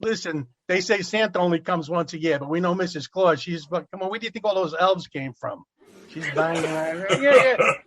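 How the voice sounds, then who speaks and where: A crude, loud-mouthed man tears through a roast, his high voice jumping all over in pitch. The recording carries steady background noise. He drops into mock carol lines between his barbs. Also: a little fast. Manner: crude, brash, sings mock carol snippets. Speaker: roast comedian. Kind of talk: profane roast stand-up. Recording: noisy podcast recording.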